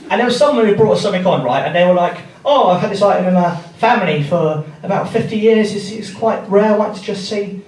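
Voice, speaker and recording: A man's voice: sits high, moderate pace. A man doing stand-up comedy, laddish and swearing, laughing along with his own jokes. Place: theatre stage before a live audience. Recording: roomy theatre sound from a distant mic, loud audience. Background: audience laughter.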